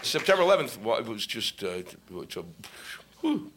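A man's voice: mid-range voice, very animated, moderate pace, background noise. A man doing a profane, sarcastic stand-up set, ranting from a stage. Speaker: stand-up comedian. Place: comedy stage before a laughing audience.

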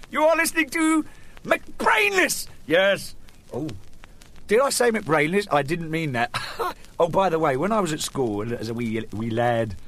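A man's voice: a little high, a bit bright. A middle-aged man hosting a joking monologue, rambling and self-mocking as he chuckles through his stories. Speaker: host.

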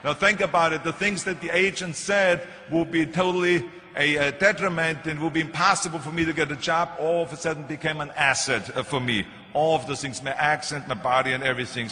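An older keynote speaker with a German accent and a voice on the high side tells animated, punchy stories in a motivational speech. Slight background noise and faint music come through, and the hall echoes.

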